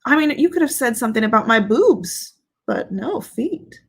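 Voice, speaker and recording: Her voice sits a little high and slightly rough, swinging widely in pitch at a normal speed as she reads viewer comments. She's a fragrance reviewer hosting a casual livestream, speaking candidly and playfully while laughing often and swearing freely.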